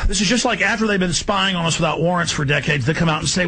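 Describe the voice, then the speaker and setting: Talk radio host, man, gravelly and forceful, high-pitched agitated rant. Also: rough recording. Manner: agitated, rapid, emphatic ranting. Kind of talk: ranting talk radio monologue.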